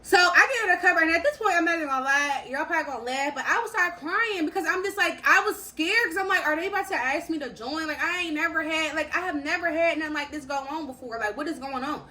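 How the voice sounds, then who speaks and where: A young woman telling a story to her viewers in casual slang, animated and repeating phrases for emphasis. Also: sits high, fast, few pauses. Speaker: storytime vlogger.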